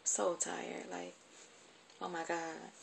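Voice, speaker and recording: A woman recounts a personal story in a halting, informal way, with lots of fillers. Her voice sits low with a gravelly fry. The talk stays loose and conversational. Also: completely flat delivery, a little hiss or hum. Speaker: vlogger.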